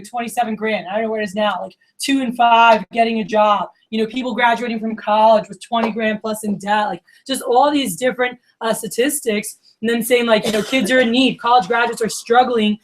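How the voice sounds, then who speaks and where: A Miami woman with a high-leaning, steady voice speaks a little fast as a division leader giving opening remarks at a team meeting. Her motivational talk is casual and chatty, packed with "like" and "you know," and she acts out what her friends said.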